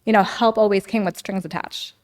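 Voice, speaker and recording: A woman speaks as a podcast guest, recounting her past in a frank, conversational flow. Her pitch sits in an ordinary middle range. She peppers her talk with "like" and slips into the voices of people she quotes. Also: fairly even intonation, a little fast. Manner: talkative, heavy use of "like", acts out quoted dialogue. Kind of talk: candid interview storytelling.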